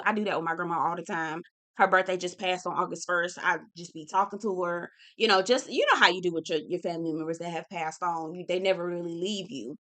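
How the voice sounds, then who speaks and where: A woman's voice: fairly low pitch, pushed and bright. A young woman hosting a reality TV recap, talking candidly and casually to her viewers, swearing freely and calling them "girl" and "y'all". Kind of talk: casual chat.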